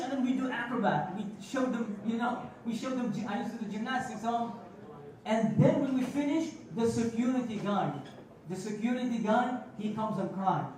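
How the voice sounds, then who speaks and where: Guy preaching a friday sermon, real high voice, mosque hall boomy and far off. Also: darkish tone. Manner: passionate, storytelling, mixes Arabic phrases. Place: large mosque prayer hall.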